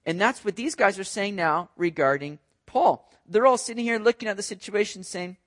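High-voiced man preaching. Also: brisk, hardly any pauses. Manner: conversational, animated, repeats words. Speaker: pastor. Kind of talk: expository sermon.

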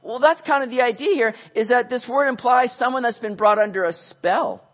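A pastor preaching a sermon, animated, switching between loud emphasis and hushed asides, and acting out quoted voices. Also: mid-range voice, fairly quick. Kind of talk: sermon teaching on a Bible passage.

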